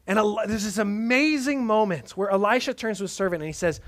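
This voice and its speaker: A man preaching a sermon in an earnest tone, dropping to soft emphatic lines and casual asides. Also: high-pitched, a little fast, few pauses, soft background music.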